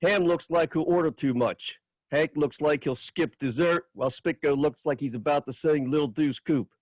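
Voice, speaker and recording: A man reading a chapter of his own novel aloud at a writers' open mic, in steady, measured first-person narration. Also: fairly high pitch, dry recording.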